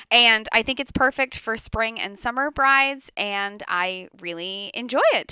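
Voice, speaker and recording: A beauty vlogger, young and sick, records a casual makeup tutorial voiceover on a close mic with no room sound. Her medium-pitched voice is pushed and bright, clear and resonant, though a little nasal, and she rambles with fillers and giggles.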